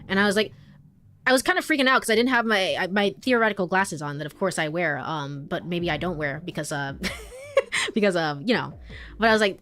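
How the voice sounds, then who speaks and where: A young woman streamer chats loosely between passages of a visual novel, rambling through her sentences with lots of fillers and giggles. Her pitch bounces around in a lively way. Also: brisk. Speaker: game streamer. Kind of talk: casual chat while reading a visual novel aloud.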